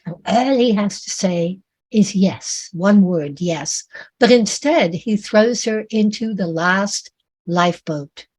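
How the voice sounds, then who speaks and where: A woman author reading her own fiction aloud in a measured, dramatic way. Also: medium pitch, expressive, a little mellow.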